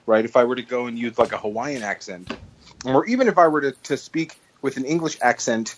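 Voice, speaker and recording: A man's voice: mid-range voice, brisk, slight background noise, low-quality recording. A man co-hosting a podcast, chatting casually and telling stories animatedly with frequent restarts. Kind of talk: casual chat.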